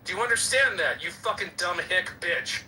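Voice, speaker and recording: A man's voice: high-pitched, animated, moderate pace, bright, forceful tone, far from the mic, slight background noise, low-quality recording. A man in a heated voice-chat argument, taunting and swearing aggressively at another user. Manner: aggressive, profane, taunting insults. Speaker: voice chat room participant. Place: online voice chat app.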